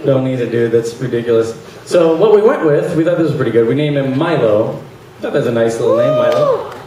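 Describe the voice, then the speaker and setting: A man doing a stand-up comedy set, delivering dry one-liners and acting out voices in animated bursts. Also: medium pitch, fast. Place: large venue with audience laughter. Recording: echoey live hall, distant mic, noisy.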